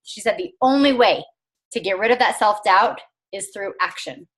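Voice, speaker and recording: A woman, probably in her thirties, leads a casual motivational call with her team. She speaks at medium pitch and a moderate pace, chatty and earnest, using lots of fillers.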